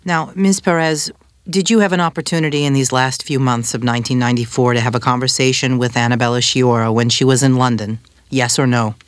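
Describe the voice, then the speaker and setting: An actor reading a prosecutor's questions to a witness in a courtroom reenactment, formal and measured. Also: male voice, mid-range voice, fairly even intonation, no echo, natural voice.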